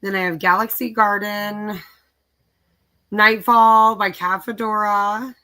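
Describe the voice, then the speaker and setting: With a sharp tone at medium pitch, a middle-aged craft channel host chats through a casual live stream. She runs down her projects aloud, sounding weary but relaxed.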